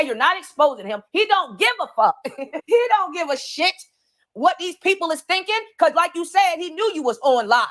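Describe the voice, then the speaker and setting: Blunt, high-voiced scolding woman. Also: fairly bright tone. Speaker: commentary host. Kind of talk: reaction commentary.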